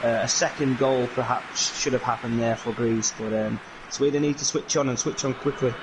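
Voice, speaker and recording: A man's voice: medium pitch, moderate pace, background noise. Man doing video game commentary. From England. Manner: lively, filler-heavy play-by-play. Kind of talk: solo play-by-play commentary.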